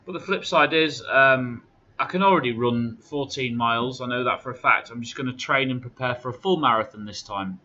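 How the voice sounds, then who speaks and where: A man's voice: medium pitch, a little fast, pushed and bright, highs cut off, a little hiss or hum. A man giving a casual vlog update, aggrieved as he recounts phone calls with indignant quotes. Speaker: charity runner.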